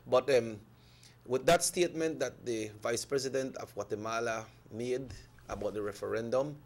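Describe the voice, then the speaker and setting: A man's voice: medium pitch, moderate pace, a little mellow. A man hosting a live morning show, talking casually and reading out viewer texts. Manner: conversational, reads out viewer texts.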